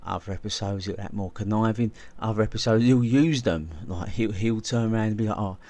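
A man's voice: lowish voice, a little fast, dark tone, no echo. A man hosting a video essay, talking casually and enthusiastically, often restarting and repeating words as he goes. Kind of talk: casual spoken video commentary.

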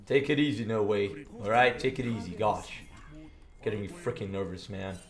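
A young British man, a streamer, giving crude, joking live commentary on his game with sudden shouted outbursts. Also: on the low side, steady tone, moderate pace, soft background music. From Britain. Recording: roomy echo.

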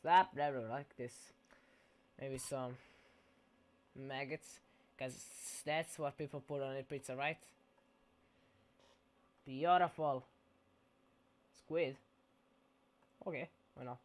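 A man's voice: mid-range voice, steady tone, slow pace, long pauses. A man giving casual gameplay commentary in a goofy, playful way, dropping mock-Italian exclamations.

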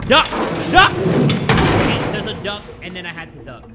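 A young man giving jokey, excitable commentary while playing a game, jumping between loud yelps and low mutters. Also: measured pace, over music. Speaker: gaming YouTuber. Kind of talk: let's play commentary.

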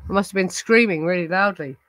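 A woman's voice: fairly low pitch, quick pace, fairly bright tone, dry recording, low-quality recording. Tipsy, ranting woman. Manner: ranting, rambling and heavy swearing. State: tipsy from gin. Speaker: host of a true crime livestream. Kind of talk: casual livestream chat, responding to viewers.

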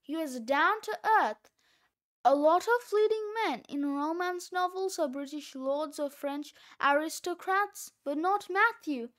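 Soft, wistful older schoolwoman, unhurried, storybook, voiced by a woman. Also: high-pitched, expressive. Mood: tearful. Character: sentimental older woman school staffer, tearful. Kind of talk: storybook read-aloud.

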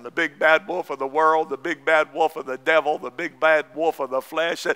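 Fervent preacher man, clear voice. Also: a little high, level tone, moderate pace. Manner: fervent Southern preaching, rising to shouts. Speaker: pastor. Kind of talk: sermon. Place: church sanctuary.

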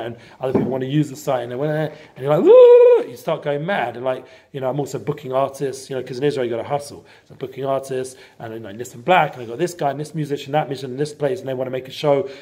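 A man giving a casual inspirational talk to a group, rambling with many fillers and breaking into sudden loud bursts. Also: mid-range voice. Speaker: guest speaker.

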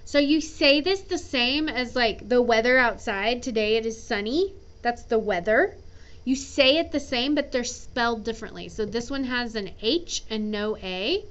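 Female ESL teacher, high voice, unhurried, playful asides, lo-fi sound. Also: a bit bright. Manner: patient, repeats each word twice for practice. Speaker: English teacher. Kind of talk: ESL grammar and pronunciation lesson.

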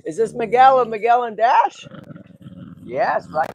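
A middle-aged man from the Boston area, hosting a tortoise sanctuary vlog in an excitable, chatty way and talking to animals and viewers as he walks. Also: very high-pitched, a little slow, slight background noise. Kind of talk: casual walk-and-talk vlog.

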